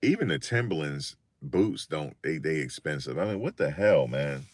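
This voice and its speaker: An older man telling funny stories in a casual, animated monologue, often repeating himself. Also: rumbling low, normal speed, no room sound, studio quality. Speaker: vlogger.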